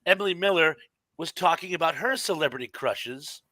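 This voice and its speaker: Bright-voiced middle-aged male co-host. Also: on the high side, lively intonation, fairly quick, no room sound, low-quality recording. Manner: reads viewer comments aloud, chatty. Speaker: podcast co-host. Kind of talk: casual live-stream chat.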